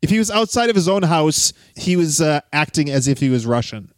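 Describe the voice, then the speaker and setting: A man's voice: fairly high pitch, expressive, brisk, dry recording, studio quality. A man hosting a casual podcast, chatting and reading listener messages aloud. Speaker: podcast host.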